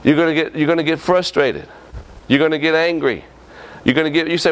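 A man's voice: a little high, fairly quick, hardly any pauses. A male preacher, preaching a sermon in a folksy, scolding way and often asking the congregation questions.

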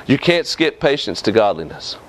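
A man's voice: mid-range voice, very animated, moderate pace, slight background noise. A male preacher, preaching a sermon in a folksy, scolding way and often asking the congregation questions.

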